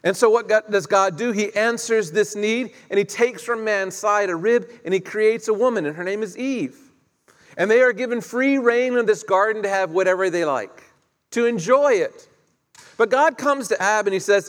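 Recorded in a hall with long, echoing reverb, a man with a high voice speaks at normal speed. His sermon is conversational, retelling the story while questioning his listeners.

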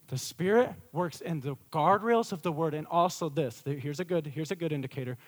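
A middle-aged man preaching a sermon as a pastor, swinging from loud emphatic peaks to a quiet storytelling tone. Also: on the high side.

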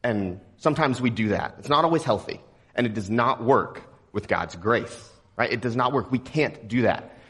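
A young man from Texas preaching a sermon in a relaxed, joking, conversational way. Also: medium pitch, normal speed, slightly rough. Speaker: pastor.

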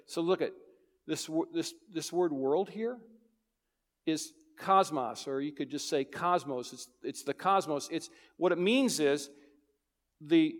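Preaching man in a reverberant hall. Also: a little high. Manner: emphatic preaching with wide swings between loud and hushed. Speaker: pastor. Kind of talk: sermon.

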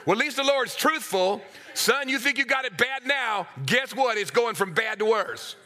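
A middle-aged man preaching a sermon, swinging from hushed asides to loud, acted-out voices. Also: very high-pitched, normal speed.

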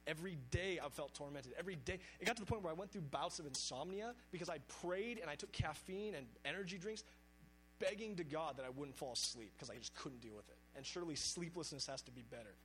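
A man's voice: a little high, fast, a bit bright, slight background noise, low-quality recording. A man preaching a sermon, speaking earnestly and reading scripture aloud with emphasis.

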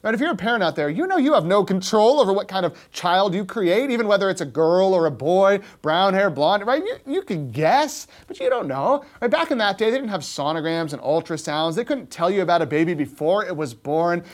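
A man's voice: high voice, expressive. Man preaching with a conversational lilt. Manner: keeps asking "right?" to the listeners; drops soft and slow on key points, rises sharply when stirred. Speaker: pastor. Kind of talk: conversational sermon.

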